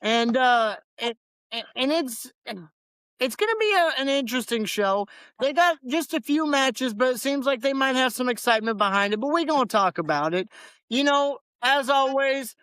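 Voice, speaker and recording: Male podcast co-host, casual and laid-back, clear voice, dry close sound. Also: extremely high pitch, normal speed, bright, forceful tone, dry recording. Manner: laid-back, loose, repeats words. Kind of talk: casual wrestling podcast chat.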